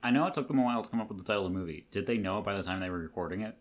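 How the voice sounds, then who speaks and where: A woman's voice: a bass voice, rapid-fire. A woman co-hosting a podcast, chatting casually with dry, teasing asides. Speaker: podcast co-host. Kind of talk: casual chat.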